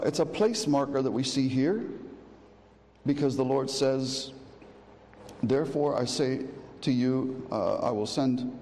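A man preaching in a church, his mellow, relaxed voice carried by a long hall reverb over a faint background hum. He often restarts his phrases, then builds up to emphatic, ringing declarations. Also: mid-range voice. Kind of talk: expository sermon.

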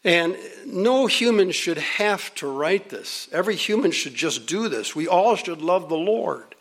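Earnest male preacher, higher voice. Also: lively intonation, fairly bright tone. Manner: earnest, emphatic, with repeated phrases and shifting pace; reads hymn and scripture lines slowly. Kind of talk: sermon.

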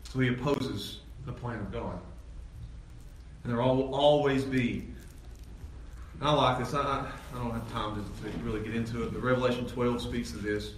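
Man, pastor, sermon, animated, fairly high voice, distant mic, roomy echo, faint room noise. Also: normal speed. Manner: animated, rising loud when excited, dropping low for emphasis. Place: church sanctuary. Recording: echoey church hall from far off, faint ambience.

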